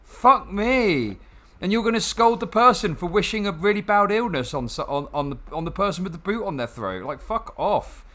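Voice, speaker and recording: A man's voice: sits high, lively intonation, fast talker, hardly any pauses, fairly bright tone. A young man chatting casually and sarcastically while playing a game, swearing often and rambling with restarts. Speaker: gaming channel host.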